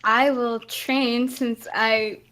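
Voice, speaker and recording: A woman with a somewhat high voice plays a tabletop game. She speaks casually and hesitantly, with pauses and fillers. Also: steady tone, fairly bright tone, poor audio. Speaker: player.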